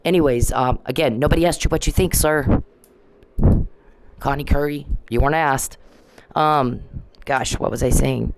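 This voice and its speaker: A woman's voice: rumbling low, moderate pace, gravelly, long pauses, dry recording, rough recording. A middle-aged woman in a ranting vlog monologue, confrontational and repetitive, scolding someone directly. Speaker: vlogger.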